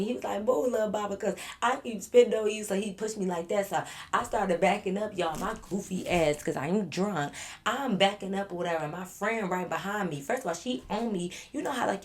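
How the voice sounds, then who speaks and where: A woman vlogger telling a storytime to her viewers in an animated, laughing way, acting out what people said. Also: on the low side. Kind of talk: storytime narration.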